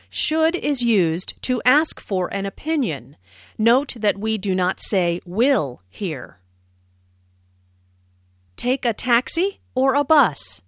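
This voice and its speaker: A woman narrating a scripted language lesson, explaining phrases slowly and carefully with clear enunciation. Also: medium pitch, no echo, studio quality. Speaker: language teacher.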